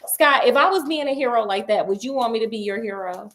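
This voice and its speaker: A woman's voice: fairly high pitch, quick pace, fairly bright tone. A woman retelling a book in a sassy, chatty, comedic way with laughing asides. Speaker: storyteller.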